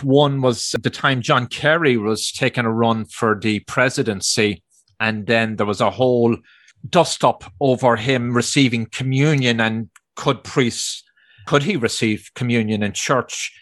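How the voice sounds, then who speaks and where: Measured male interviewer. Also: medium pitch, a bit bright. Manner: measured, probing questions. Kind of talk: interview questions.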